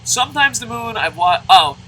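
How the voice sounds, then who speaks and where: A man's voice: extremely high pitch, expressive, normal speed, pushed and bright, a little hiss or hum, rough recording. A man hosting a let's play, commenting on a baseball game and answering viewer comments in a profane, ranting way.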